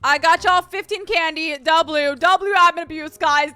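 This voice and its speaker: Bubbly high-voiced young woman gamer. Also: unhurried. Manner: bubbly, excitable, gasps and giggles often. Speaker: gaming YouTuber. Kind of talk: casual gameplay commentary.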